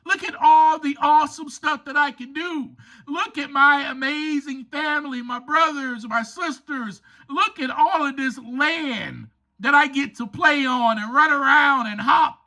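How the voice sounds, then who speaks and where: Man doing a young lion cub, cheerful, admiring, high voice, slow delivery. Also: pushed and bright, heavily acted. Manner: wide-eyed, admiring, exclaiming.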